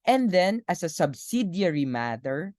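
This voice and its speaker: A woman with a Filipino accent giving a recorded philosophy lecture, measured and reading quotations aloud with occasional fillers. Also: fairly low pitch, very animated, a little mellow, no room sound, clean studio sound.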